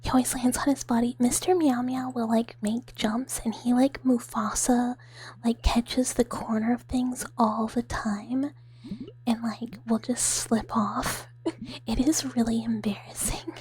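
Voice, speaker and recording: Woman streamer whispering, whispered role-play, airy breathy voice, a bit high, giggly and chatty. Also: steady tone, measured pace. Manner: soft whispering, giggly chat with viewers. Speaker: ASMR streamer.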